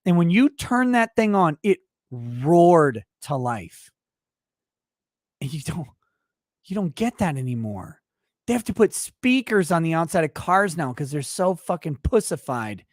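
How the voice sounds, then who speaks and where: A man hosting a casual show, talking profanely and swinging between low muttering and loud angry ranting. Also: very animated, measured pace, no echo, studio quality. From United States. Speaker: show host.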